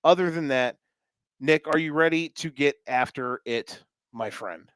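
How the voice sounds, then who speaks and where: A man's voice: a little high, unhurried, fairly bright tone, slight background noise. A man co-hosting a sports podcast, talking energetically and joking in casual chat. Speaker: podcast co-host.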